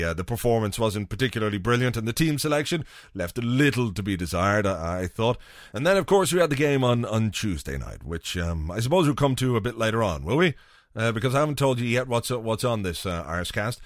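A man's voice: medium pitch, a bit bright, dry recording, clean studio sound. A man hosting a podcast, telling a rambling, profane, wry story in a casual solo monologue. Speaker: podcast host.

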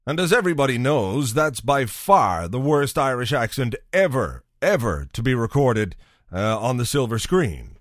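Brief: male podcast host, animated delivery, dry studio sound, jokey. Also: medium pitch, normal speed, dry recording. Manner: wry, chatty asides. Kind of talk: casual podcast chat.

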